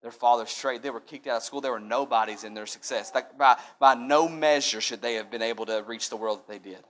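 A man preaching a sermon, moving from conversational talk to loud, fervent preaching. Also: medium pitch, fairly quick. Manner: builds from conversational to shouted preaching. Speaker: pastor. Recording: music playing underneath.

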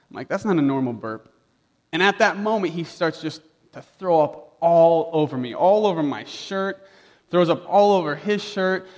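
Young man, pastor, casual sermon story, chatty, says "like" a lot, slightly high voice. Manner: casual, chatty, lots of "like", acting out dialogue. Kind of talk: sermon told as a personal story.

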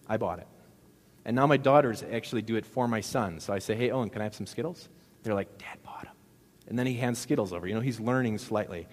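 Middle-aged pastor guy preaching casual and jokey, kinda low voice, big echoey church sound. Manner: conversational, jokey preaching with rhetorical questions. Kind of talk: sermon. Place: church sanctuary. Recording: long hall reverb.

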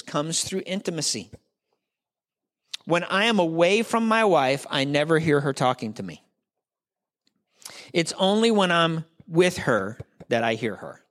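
Pastor guy preaching, chatty and self-deprecating, asks the crowd questions, slightly high voice. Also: a bit bright. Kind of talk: sermon.

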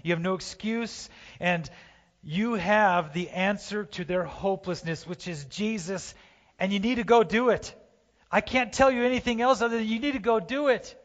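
A man preaching a sermon, impassioned, swinging from loud urging to hushed pleading, recorded in a church sanctuary. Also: high voice. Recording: dull, roomy church hall sound.

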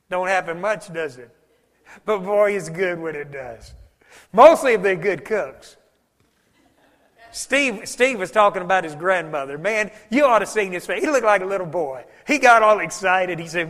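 A pastor preaches a sermon in a fairly high, animated voice at a brisk pace, blending homey anecdotes with scripture in a folksy storytelling style. He varies his volume for emphasis, dropping suddenly soft, and his words fade into the long echo of a large sanctuary.

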